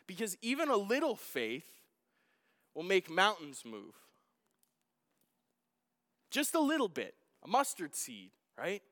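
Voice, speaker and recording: Middle-aged guy pastor, slow sermon, acts out his own yells, lots of hall echo. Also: a little high. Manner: animated storytelling, acting out his own shouts. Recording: long hall reverb.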